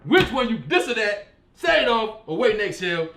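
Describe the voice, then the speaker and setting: A high-pitched, brisk male comedian hosts his own show. He riffs in a casual, slang-heavy, animated way, regularly bursting into laughter.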